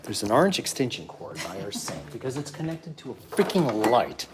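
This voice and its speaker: A man hosting a playful live cooking chat in a home kitchen, gruff and mock-irritable, cursing freely. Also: mid-range voice, very animated, a little fast, few pauses, roomy sound, recorded from a distance, slight background noise. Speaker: cooking show host.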